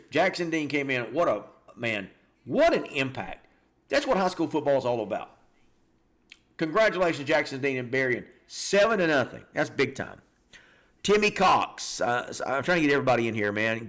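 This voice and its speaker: A man hosting a live high school football show, reading scores and viewer comments in a casual, animated way. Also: measured pace. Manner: chatty and animated, reacting aloud with stunned exclamations and repeated words.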